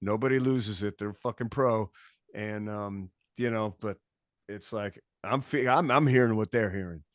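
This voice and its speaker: Animated, swearing man on a podcast. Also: fairly low pitch, moderate pace, no echo, studio quality. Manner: animated, acts out quotes, swears freely. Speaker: podcast guest, bass tech. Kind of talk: casual storytelling chat.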